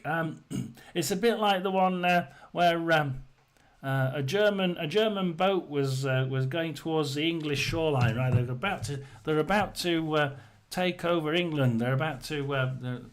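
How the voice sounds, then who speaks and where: Rambling, throat-clearing livestream host, a man. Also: on the high side. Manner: tells jokes to the chat. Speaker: host of a live tarot chat stream. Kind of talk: casual live-stream chat.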